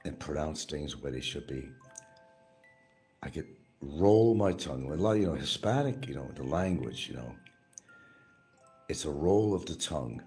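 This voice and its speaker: A man talking casually and wryly on a home livestream, drifting into sing-song bits and baby talk to his dogs. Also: a bass voice. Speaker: livestream vlogger.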